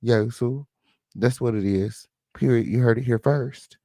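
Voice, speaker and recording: Sassy gravelly-voiced male stream host. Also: mid-range voice, a little slow, no room sound, clean studio sound. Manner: sassy, profane, animated reactions. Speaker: live stream commentary host. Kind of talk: casual live stream commentary.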